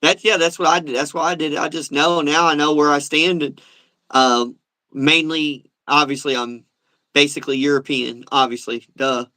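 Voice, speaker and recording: A man's voice: fairly high pitch, steady tone, normal speed, bright, forceful tone, dry recording, poor audio. A man hosting a casual talk podcast, rambling and repeating himself with lots of filler. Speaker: host. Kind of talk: casual chat.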